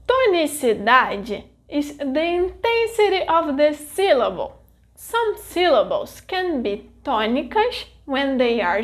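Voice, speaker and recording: This scripted language lesson is led by a Brazilian woman, a native Portuguese speaker whose voice sits high. She keeps her delivery deliberate and clear.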